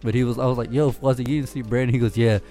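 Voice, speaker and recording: A man in casual chat with friends, telling loose, profane stories and breaking into laughter often. His voice sits at a middle pitch, and faint music plays behind him. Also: level tone, rapid-fire, mellow.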